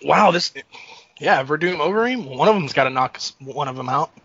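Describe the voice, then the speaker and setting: Bright, animated man on a podcast. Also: fairly high pitch, fairly quick, slightly rough. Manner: animated, laughing often, jokey. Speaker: podcast co-host. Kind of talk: casual sports chat. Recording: dull lo-fi dry sound.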